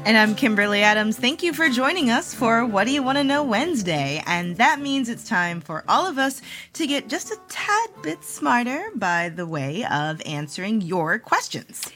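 A woman's voice: fairly high pitch, very animated, moderate pace, fairly bright tone, faint music behind. A woman co-hosting a podcast, reading listener questions and teasing her co-host.

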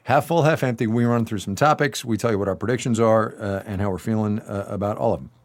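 A man's voice: lowish voice, quick pace, dry recording. A man co-hosting a casual news chat show, wry and sarcastic, often repeating himself for effect. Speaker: co-host.

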